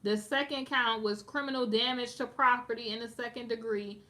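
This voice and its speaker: A woman's voice: on the high side, steady tone, moderate pace, sharp tone. A woman giving sassy, emphatic gossip commentary on a live stream, talking straight to her viewers in a slangy, casual way.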